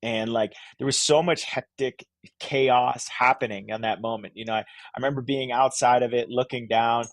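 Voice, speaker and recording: A man's voice: medium pitch, steady tone, moderate pace, no room sound. Rambling Vermont guy, dry close sound. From Vermont, USA. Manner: rambling, lots of "like" and "you know", restarts. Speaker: guest. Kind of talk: casual podcast chat.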